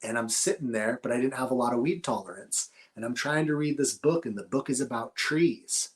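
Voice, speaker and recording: A man's voice: medium pitch, a little fast. A middle-aged man, telling stories in a laid-back, rambling, profane way as a podcast guest. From Northern California. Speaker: podcast guest, cannabis grower. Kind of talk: casual conversational storytelling.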